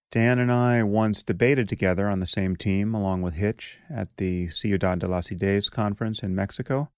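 A middle-aged man hosting his own podcast, speaking alone in a measured, deliberate and articulate way. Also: lowish voice, vocal fry, a little mellow, dry recording, studio quality. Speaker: podcast host. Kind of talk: solo podcast monologue.

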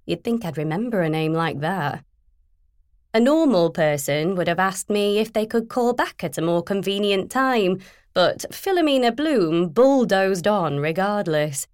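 A woman narrating a first-person novel in a measured, even storytelling manner. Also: medium pitch, dry recording, clean studio sound. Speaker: audiobook narrator.

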